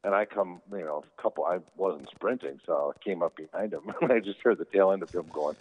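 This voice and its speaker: An actor appearing as an interview guest tells easygoing, rambling anecdotes packed with fillers, speaking briskly in a low voice with few pauses. The audio is tinny, like a phone line.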